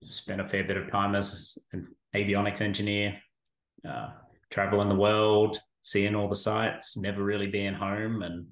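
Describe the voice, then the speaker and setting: A man's voice: fairly low pitch, flat delivery, a little slow, fairly bright tone. A middle-aged Australian man with an Australian accent, chatting easily in an interview with a dry, self-deprecating humor. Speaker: staffing firm guest. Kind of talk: casual interview. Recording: roomy echo.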